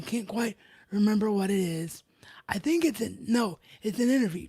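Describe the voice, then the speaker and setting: A woman hosts a live review of a wrestling show, talking enthusiastically and doubling up her emphatic words. Her voice is mellow and a little husky. It sounds dry and close. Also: mid-range voice, no room sound.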